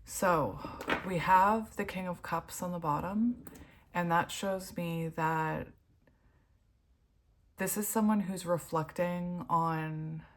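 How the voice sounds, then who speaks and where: A woman's voice: on the low side, takes it slowly, a little hiss or hum. A woman giving a casual tarot reading at home, giggly and gushing, laughing often and turning emotional. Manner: emotional, heartfelt. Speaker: tarot reader.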